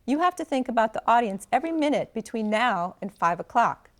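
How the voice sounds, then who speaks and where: A woman's voice: fairly high pitch, big pitch swings, fairly quick. A woman reading the lines of a cocky, teasing young male staffer who coaches a student with bossy confidence. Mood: coaxing.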